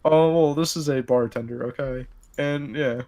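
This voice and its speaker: A man, the game master, casually retelling his tabletop role-playing session in an animated, rambling way. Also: mid-range voice, moderate pace. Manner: rambling, animated, lots of filler and restarts.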